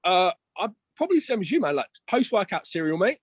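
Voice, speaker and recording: A man's voice: sits high, very animated, fairly quick, breathy edge, no room sound. A young man chatting casually as a podcast guest, slangy and swearing, calling everyone "mate" and "bro".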